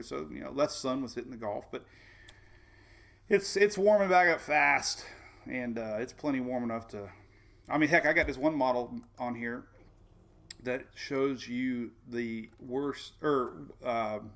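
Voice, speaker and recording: A man's voice: mid-range voice, a little slow, gravelly, fairly bright tone. A man hosting a casual weather livestream, chatty and folksy, often repeating himself and saying "man". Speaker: weather show host.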